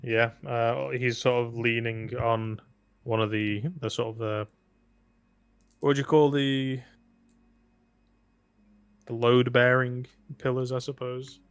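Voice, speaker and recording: A man narrating a tabletop game as game master, relaxed and joking, with many fillers. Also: mid-range voice, slow pace, pauses often, clear, resonant tone, no room sound.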